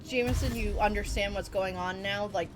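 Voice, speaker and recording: A woman's voice: medium pitch, fairly even intonation, normal speed, heavy background noise. A woman chatting casually during a video game playthrough, explaining the story to her co-player. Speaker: game streamer. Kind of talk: casual gameplay commentary.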